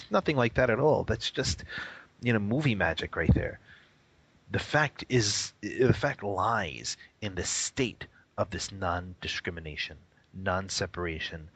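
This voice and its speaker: A man's voice: low-pitched, fairly bright tone, breathy edge, dry recording, low-quality recording. A man speaking as a guest in a radio interview, explaining Buddhist practice earnestly and emphatically, repeating words as he searches for them.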